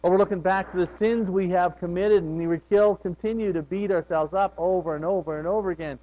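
A man preaching a sermon in a slightly high voice, talking in a loose, conversational way. His volume and pitch swing as he goes. The recording sounds dull and lo-fi. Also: fairly even intonation, fairly quick.

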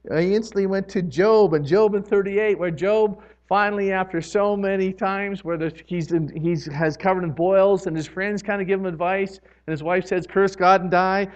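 A man preaching a sermon earnestly, building from quiet moments to loud emphatic passages. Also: high voice, highs cut off. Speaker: pastor.

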